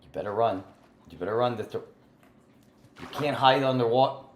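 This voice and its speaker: A man hosting a casual gaming livestream, playfully teasing and bantering with other players, drifting between sing-song chatter and soft murmuring. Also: medium pitch, moderate pace. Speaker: livestream host. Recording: roomy echo with faint background noise.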